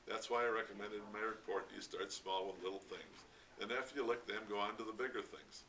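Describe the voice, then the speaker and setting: A man voicing a gruff older American construction engineer who speaks bluntly and swears impatiently, read from a distance with faint noise. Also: lowish voice, steady tone, brisk, bright, forceful tone.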